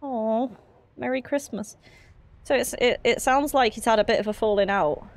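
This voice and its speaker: A woman's voice: on the high side, normal speed. A young woman streaming a horror game, chatty and giggly with rambling asides. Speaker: gaming streamer. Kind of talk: casual let's-play commentary.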